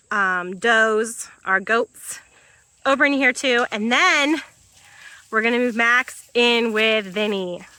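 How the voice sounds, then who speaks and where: Chatty high-voiced woman on her farm. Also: pushed and bright, no echo. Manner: chatty, switches to high baby-talk with animals. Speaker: farm vlogger. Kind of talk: casual vlog narration while doing farm chores. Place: outdoors on a farm pasture. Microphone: phone held while walking.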